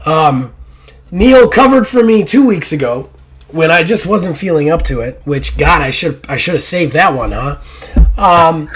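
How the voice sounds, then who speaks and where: Hoarse guy hosting a gaming podcast, kinda high voice, rambly and self-deprecating, swears a bit. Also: lively intonation, slow pace, pauses often, fairly bright tone, a little hiss or hum. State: hoarse after illness. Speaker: podcast host. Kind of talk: casual podcast chat.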